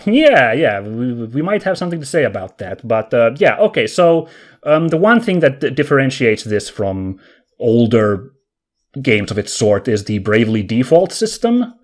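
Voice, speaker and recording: Very animated, a male co-host chats eagerly about video games on a casual podcast, reasoning aloud mid-sentence. His pitch is medium and his pace moderate.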